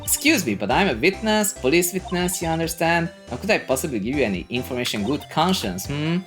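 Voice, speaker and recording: Woman voicing a haughty young witness girl, dismissive and lively. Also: sits low, a little fast, faint music behind, pitched above the performer's own voice.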